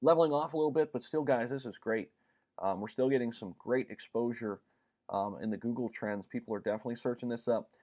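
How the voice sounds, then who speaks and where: A man's voice: medium pitch, quick pace, a little mellow. Man, livestream host, casual, upbeat, chatty, lots of fillers. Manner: chatty, upbeat, greets viewers by name; frequent ums and uhs.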